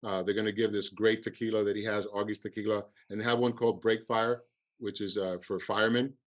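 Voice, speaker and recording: A man with a Cuban accent, a festival producer, talking in a halting podcast interview with many restarts and fillers. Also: on the low side, little pitch movement.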